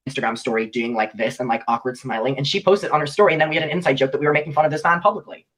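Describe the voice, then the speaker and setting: A man's voice: a little high, rapid-fire, fairly bright tone. A young man recounting a personal story in a played clip, animatedly acting out the lines of the people he quotes.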